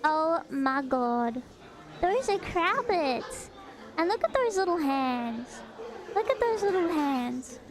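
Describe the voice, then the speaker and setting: A woman hosting a live stream, chatting with viewers as she reacts to what is on screen. Her voice sits very high, and she lets her words stretch out at an unhurried pace. She sounds bubbly and easily thrilled, gasping with delight. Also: sing-song, crowd noise. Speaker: streamer host.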